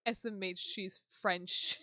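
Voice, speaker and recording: A woman's voice: mid-range voice, fairly even intonation, slow, sharp tone. A woman streamer chatting casually while playing a game, giggly and profane, with self-mocking asides.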